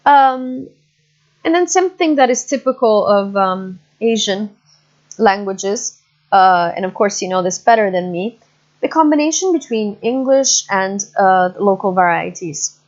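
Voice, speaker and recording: A woman giving an online English lecture, explaining slowly with many fillers and frequent checks for understanding. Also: mid-range voice, lively intonation. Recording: muffled lo-fi recording.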